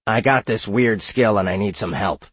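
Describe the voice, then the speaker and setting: A man's voice: on the low side, moderate pace, slightly rough, dry recording. A man voicing a naive, childlike mimic monster that speaks plainly and bluntly, in an audiobook. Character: naive, literal-minded mimic treasure-chest monster. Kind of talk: audiobook character voice.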